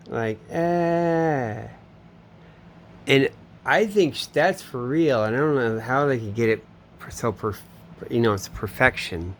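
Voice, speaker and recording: A man's voice: medium pitch, a bit bright, a little hiss or hum. A man telling a long, meandering personal story, swearing often and trailing off mid-sentence. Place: home in Florida.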